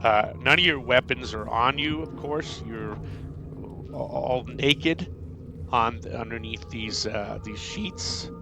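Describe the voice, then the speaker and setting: A man narrating a tabletop game as game master, halting and repeating himself with many fillers. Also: medium pitch, vocal fry. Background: background music.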